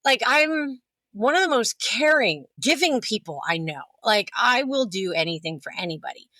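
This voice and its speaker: Bright, blunt woman telling her story. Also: fairly high pitch, expressive, moderate pace, dry recording. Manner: blunt, profane, acts out others in quotes. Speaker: podcast guest. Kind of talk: candid conversational storytelling.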